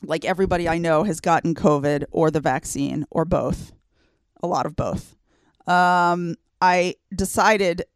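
A woman's voice: on the low side, measured pace, clear, resonant tone, dry recording. A woman co-hosting a talk show, speaking earnestly and conversationally, with frequent fillers as she thinks. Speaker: co-host. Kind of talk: casual chat.

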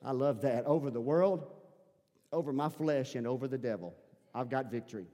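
A male pastor preaching a sermon, repeating his phrases and building up to shouting. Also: medium pitch, normal speed, long reverb tail. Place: church sanctuary.

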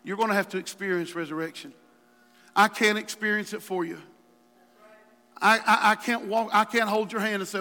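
A pastor preaches in a high, bright, ringing voice, swinging between hushed pleading and fiery outbursts at a normal speed with a steady tone. His sermon rolls through a large church hall, a long reverb trailing each phrase.

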